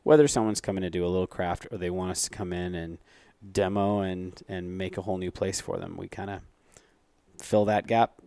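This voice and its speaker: Low-voiced man telling rambling stories. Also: fairly even intonation, brisk, warm tone, no room sound. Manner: rambling, self-correcting, many fillers. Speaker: guest, reclaimed wood business owner. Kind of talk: casual interview storytelling.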